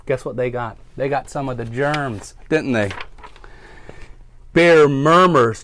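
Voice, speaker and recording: A man who works as a firefighter reads a picture book aloud to children, with a lively storytime manner. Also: medium pitch, slow pace, slight background noise.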